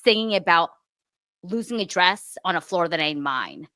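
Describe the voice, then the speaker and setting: A young woman co-hosting a podcast, gossiping in an animated way, swearing freely and laughing often. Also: on the low side, moderate pace, dry recording. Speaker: podcast co-host. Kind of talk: casual gossip chat.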